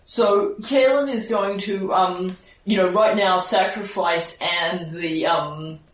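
A woman playing a tabletop role-playing game, talking in a hesitant, halting way. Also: mid-range voice. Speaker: player. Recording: echoey room, mic at a distance.

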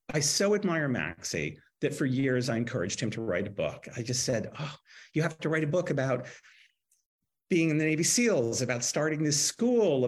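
A sixty-year-old man with a husky, breathy voice, relaxed and chatty as an interview guest. He spins anecdotes, slipping into other people's voices and laughing along the way. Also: a little high. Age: 60s. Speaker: author guest. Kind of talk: casual interview storytelling.

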